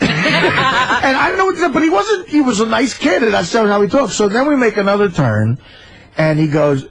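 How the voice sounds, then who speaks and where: A man telling a comic story on a radio talk show, animated and excitable. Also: high-pitched, normal speed, noisy background.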